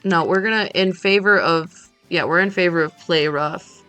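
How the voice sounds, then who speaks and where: A woman's voice: fairly low pitch, moderate pace, sharp tone, clear, resonant tone. A woman streamer chatting casually and jokily while playing a game, rambling between asides to her viewers. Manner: rambling, jokey, talks to chat. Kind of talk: casual gameplay chat. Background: faint game music.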